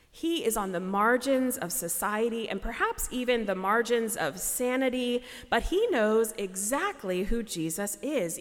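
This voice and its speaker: Woman preaching in a reverberant sanctuary. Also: medium pitch. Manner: measured, reflective, gently wry. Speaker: pastor. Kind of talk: sermon. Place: church sanctuary. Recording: long reverb of a large church.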